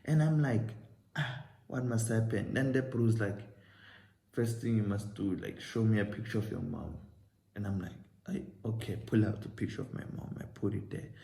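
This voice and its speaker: Young South African man, creaky voice, animated casual storyteller acting out the dialogue, roomy echo. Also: on the low side, moderate pace. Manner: animated storytelling, acting out both sides of a conversation. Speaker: vlogger.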